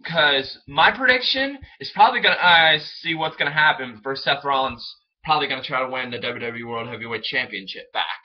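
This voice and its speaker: A young man chatting casually as a fan vlogger, rambling and excitable, often stumbling over his words. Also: mid-range voice, fairly quick, hardly any pauses. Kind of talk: casual solo commentary. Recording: dull lo-fi home recording.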